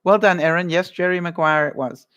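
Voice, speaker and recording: A woman's voice: fairly low pitch, fairly quick, a bit bright, highs cut off. A woman vlogger chatting casually on a live stream, giggling often as she reads out viewer comments. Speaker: vlogger running a movie quiz.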